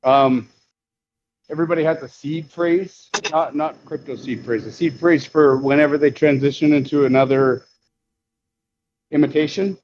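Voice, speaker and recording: A man's voice: fairly high pitch, fairly even intonation, moderate pace, a little mellow, lo-fi sound, a little hiss or hum. A man hosting a live stream, casually explaining his workshop work and cracking jokes. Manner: jokey, explains while working. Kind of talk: casual chat while working in a workshop.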